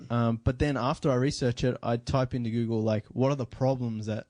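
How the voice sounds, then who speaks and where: A man's voice: mid-range voice, fairly even intonation, fairly quick, darkish tone, dry recording, clean studio sound. A young man guesting on a casual podcast, chatty and telling stories with a laugh. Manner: chatty storyteller, laughs easily. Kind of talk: casual chat.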